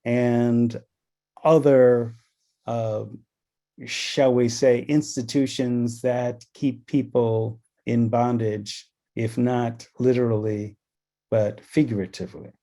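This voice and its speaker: A middle-aged man from Los Angeles leads a training session at a slow, measured pace. His pitch sits in a plain middle range. He explains ideas through personal stories and acts out the dialogue in them. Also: level tone, warm tone. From Los Angeles, California. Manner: storytelling, acts out quoted dialogue. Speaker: presenter on anti-racism. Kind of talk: recorded training session talk.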